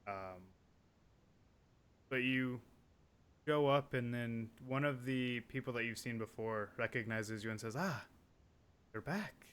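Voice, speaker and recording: A man's voice: mid-range voice, steady tone, unhurried, pauses often, a bit bright, smooth. A man narrating a tabletop role-playing game as game master, in a casual, chatty way with many fillers.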